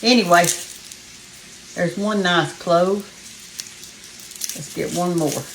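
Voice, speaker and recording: A woman's voice: lowish voice, slow pace, slight background noise, rough recording. Folksy Southern woman cooking at home. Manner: folksy and chatty, talks straight to viewers as "y'all". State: a little out of breath. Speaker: cooking show host. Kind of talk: casual cooking demonstration. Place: home kitchen. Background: faint frying sizzle.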